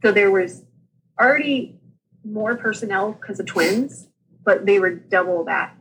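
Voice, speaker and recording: Chatty woman telling a lively story. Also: medium pitch, a little slow, a little hiss or hum, low-quality recording. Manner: animated, laughs often, acts out quoted people. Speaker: podcast guest sharing her birth story. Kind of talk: casual storytelling chat.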